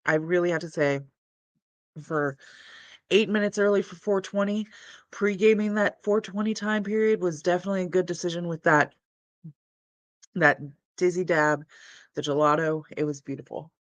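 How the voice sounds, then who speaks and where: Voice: medium pitch, fairly even intonation, normal speed, long pauses, no room sound. Chill young streamer just rambling to chat, dry close mic, mid voice. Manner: laid-back, rambling, chatty. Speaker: cannabis livestream host. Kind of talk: casual livestream chat.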